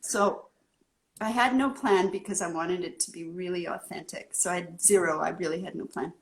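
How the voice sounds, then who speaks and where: Woman telling a lively story. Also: fairly low pitch, moderate pace. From California. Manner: animated storyteller who acts out the scene. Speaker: guest artist. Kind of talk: casual interview chat.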